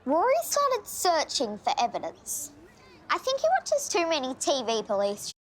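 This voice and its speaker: A woman voicing an eager, nosy schoolchild who fires off quick questions. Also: high voice, huge pitch swings. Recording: faint background noise.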